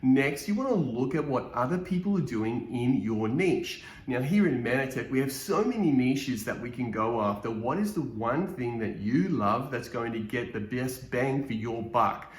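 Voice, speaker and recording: A man's voice: mid-range voice, animated, moderate pace, few pauses. A man presenting a social media marketing training to a live event audience, in an upbeat, motivational way. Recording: roomy echo.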